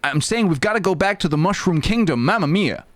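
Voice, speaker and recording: A man's voice: high-pitched, expressive, brisk, voice pushed up. A man voicing an eager, heroic cartoon plumber in a lightly raised, exclaiming voice.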